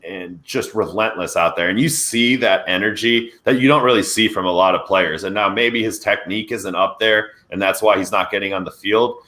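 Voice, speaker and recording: Man with a low, bright voice. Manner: energetic, conversational football analysis. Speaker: podcast co-host. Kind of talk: casual sports podcast discussion.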